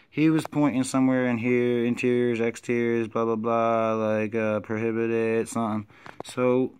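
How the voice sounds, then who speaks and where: A man casually telling a story to camera, with loose, filler-heavy slang, who gets louder and higher when he quotes himself. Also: normal speed, smooth. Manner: animated, rises when quoting himself. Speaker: vlogger recounting an encounter.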